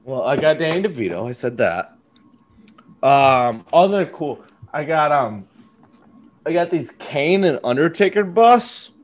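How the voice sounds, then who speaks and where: Young male co-host, higher-pitched voice, profane riffing comic, breaks into yelping mock rants. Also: very animated, a little slow. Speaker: podcast co-host. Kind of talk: casual comedic chat.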